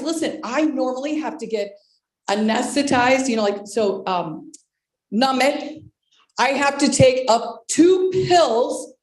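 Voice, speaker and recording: A woman in her sixties giving an animated personal testimony on a team video call, exclamatory and speaking straight to her listeners. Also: high voice, roomy sound, rough recording. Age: 60s. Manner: excitable, exclamatory, addresses listeners directly. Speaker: presenter at a network marketing team call.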